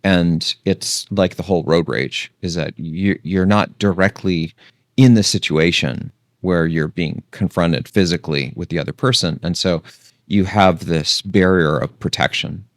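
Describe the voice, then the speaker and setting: A man hosting a casual long-form talk, meandering and thinking out loud, sometimes losing his thread. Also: low-pitched, measured pace, no echo, clean studio sound. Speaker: host.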